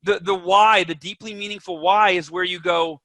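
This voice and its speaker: A man's voice: sits high, fairly even intonation, moderate pace, sharp tone, dry recording. A man guest on a podcast, talking with energy and emphasis and acting out the voices in people's heads. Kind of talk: animated interview talk.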